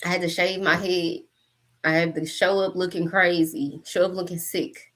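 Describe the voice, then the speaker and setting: A woman's voice: lowish voice, level tone, normal speed, a bit bright. A woman in her forties giving a casual spiritual reading to camera. She is blunt and profane, jokes a lot and laughs often. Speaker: tarot reader and coach.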